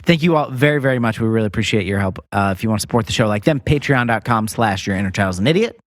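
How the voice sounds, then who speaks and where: A man's voice: on the low side, lively intonation, racing, no echo, studio quality. A man co-hosting a podcast in casual, joking chat, laughing often. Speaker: podcast co-host.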